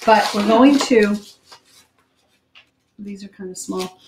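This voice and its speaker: A woman hosting a live cooking demonstration in a home kitchen, chatty and hurried, thinking out loud as she works. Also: medium pitch, noisy background. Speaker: cooking show host. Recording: roomy kitchen with clattering dishes.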